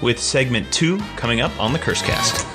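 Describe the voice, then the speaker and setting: A man's voice: mid-range voice, brisk, over loud music. A man co-hosting a podcast from his home office studio, talking in a friendly, chatty way with plenty of fillers. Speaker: podcast co-host. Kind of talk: casual podcast chat.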